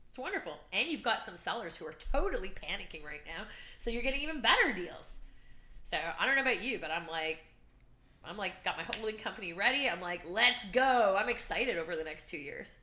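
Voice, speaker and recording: Energetic female real estate coach on a podcast; crisp bright voice, roomy recording. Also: medium pitch, fast talker. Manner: energetic, chatty, animated storytelling. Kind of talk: casual podcast chat. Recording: roomy echo.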